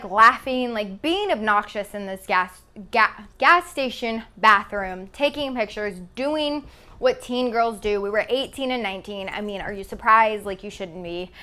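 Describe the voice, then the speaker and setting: A woman's voice: fairly high pitch, fairly bright tone, clean tone. A woman around twenty from Texas, telling a casual storytime with lots of "like" fillers and casual swearing. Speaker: vlogger. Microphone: phone camera.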